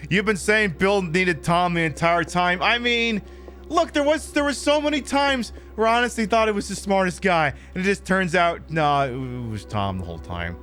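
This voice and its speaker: Animated, high-ish man streaming. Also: faint music behind. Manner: rambling, animated, drops into quick impressions. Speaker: streamer host. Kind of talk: casual live-stream chat while gaming.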